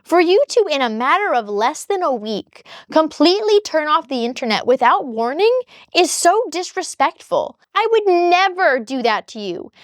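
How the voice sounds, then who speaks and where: A woman's voice: high-pitched, very animated, normal speed, dry recording, clean studio sound. A woman vlogger telling her own story, heated and exasperated as she reads out text messages. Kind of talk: casual storytelling vlog.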